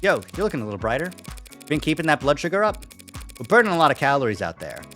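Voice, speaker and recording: A streamer plays a brash, cheerful coworker who rattles off grim work stories without a pause. The delivery is quick and lively over faint game music. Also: mid-range voice. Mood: breezy. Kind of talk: reading game dialogue aloud.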